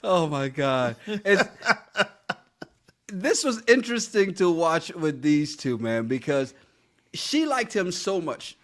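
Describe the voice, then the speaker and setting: An animated male podcast co-host whose pitch sits a little high and swings widely as he talks. He reads out listener comments from the live chat between bursts of laughter, and his chat is relaxed and casual. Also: slow pace.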